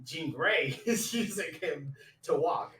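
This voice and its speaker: A man co-hosting a casual movie chat, laughing often and acting out scenes with loud, swearing quotes. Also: a little high, slow, reverberant, slight background noise, low-quality recording. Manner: animated, laughing, acts out scenes with shouted quotes. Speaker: podcast co-host.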